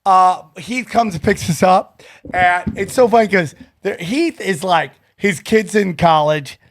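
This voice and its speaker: A middle-aged man hosting a podcast, telling a story with excited energy, swearing freely and acting out both sides of a conversation. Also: sits high, a little slow, dry recording. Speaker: podcast host. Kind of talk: casual chat, storytelling.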